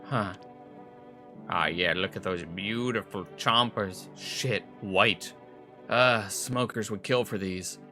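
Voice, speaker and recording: A man's voice: lowish voice, takes it slowly, pushed and bright, soft background music. Laid-back young male game streamer. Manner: laid-back, rambling, swears casually. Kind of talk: casual gameplay commentary.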